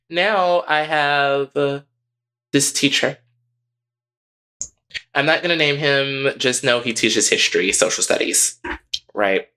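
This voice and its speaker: A man co-hosting a podcast, telling a story in a casual, profane and animated way. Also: a little high, slow pace, pauses often. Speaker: podcast co-host.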